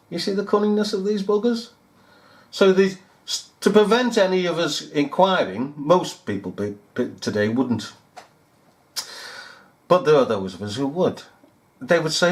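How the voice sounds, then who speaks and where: Man, commentary over news footage, sarcastic, incredulous, lively swooping voice, slightly high. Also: moderate pace, pauses often. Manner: sarcastic, incredulous, repeats himself. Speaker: video commentator.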